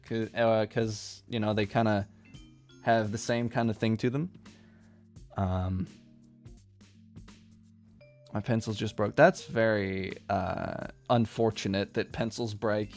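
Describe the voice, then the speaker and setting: A man chatting casually on a live stream while he draws manga, rambling and quick to laugh at his own jokes. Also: on the low side, steady tone, a little mellow. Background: faint music playlist.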